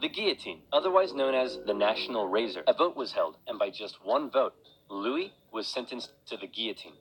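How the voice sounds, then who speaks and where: A man giving wry, deadpan comedic narration of history, on a dull lo-fi recording. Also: mid-range voice, fairly quick.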